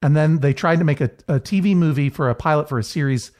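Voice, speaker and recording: A man's voice: a little high, quick pace, a little mellow. A man co-hosting a podcast in casual chat, rambling with many restarts. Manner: rambling, chatty, lots of restarts. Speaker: podcast co-host.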